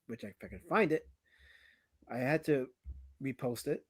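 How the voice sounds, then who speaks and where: A man hosting a livestream in casual banter, teasing his chat and his guest. His voice sits a touch high and jumps around a lot, flaring into loud outbursts and then dropping to a mumble. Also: big pitch swings, brisk, long pauses, slightly rough, dry recording. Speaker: livestream host.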